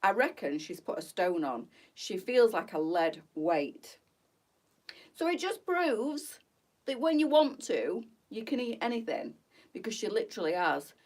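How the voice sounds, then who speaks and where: A woman's voice: on the low side, sing-song, normal speed, darkish tone, far from the mic. A British woman hosting a boutique live stream, chatting casually and wandering off on tangents.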